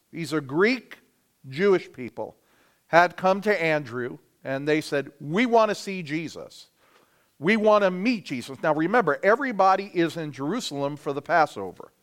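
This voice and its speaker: A man preaching to his congregation in a smooth, resonant voice that sits a little high for a man. He talks through the passage conversationally, tossing in "right?" and pausing to correct himself. The delivery is loose and unscripted. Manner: self-correcting, with fillers. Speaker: pastor. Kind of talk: expository sermon.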